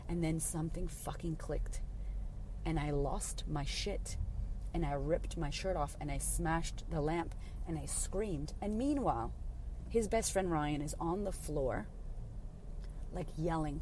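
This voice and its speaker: Low, dark-voiced woman telling a raw story. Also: slight background noise. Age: 30s. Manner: raw, emotional retelling with frequent swearing. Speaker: podcast host. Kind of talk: personal storytelling.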